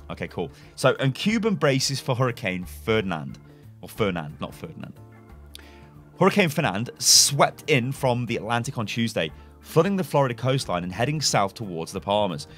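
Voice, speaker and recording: A young gaming YouTuber sits at his desk webcam setup, casually reading game lore aloud and speculating about it. His mid-range voice is slightly bright, and he rambles, corrects himself, and chuckles.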